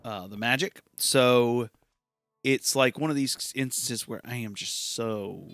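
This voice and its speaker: Male gaming podcaster, mid-range pitch, loose self-amused rambling commentary. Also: takes it slowly, fairly bright tone, dry recording, faint music behind. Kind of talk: casual gameplay commentary.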